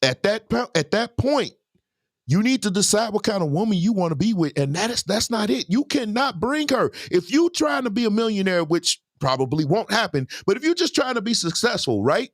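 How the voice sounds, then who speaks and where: A man's voice: high voice, fairly quick, dry recording, studio quality. A man hosting a reaction commentary, giving preachy advice and speaking straight to his listeners. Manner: animated, preachy, addressing listeners directly. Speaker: commentary host.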